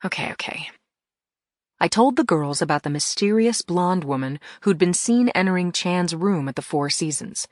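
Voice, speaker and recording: A woman's voice: fairly low pitch, lively intonation, moderate pace, hardly any pauses, no echo, studio quality. A woman reading an audiobook in the first person, with tense, emphatic storytelling. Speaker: audiobook narrator.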